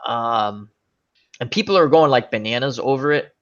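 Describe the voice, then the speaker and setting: A man hosting a casual online chat show, rambling between jokes and quick asides. His voice is bright and forceful and swings widely in pitch. The sound is a little dull and lo-fi. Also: expressive. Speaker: host.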